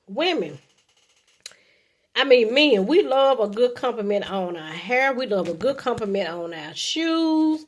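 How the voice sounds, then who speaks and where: A woman in her fifties gives casual relationship advice to camera in a chatty, folksy way, often checking in with "okay." Her voice is expressive and unhurried, and she acts out sweet lines to a partner in a high voice. She's coughing from allergies.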